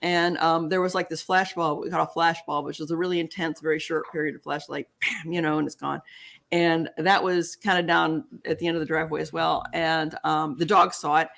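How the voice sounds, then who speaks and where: An older woman, a guest in an interview, telling her story in an animated way and acting out both sides of remembered conversations. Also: sits low, a little fast, creaky.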